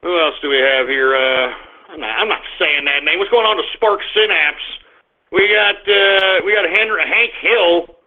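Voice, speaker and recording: A man hosting an internet radio stream, reading out listener shout-outs and often exploding into crude, shouting rants. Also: high-pitched, normal speed. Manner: crude, belligerent, prone to shouting outbursts. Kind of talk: live streamed radio rant. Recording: tinny phone-like audio.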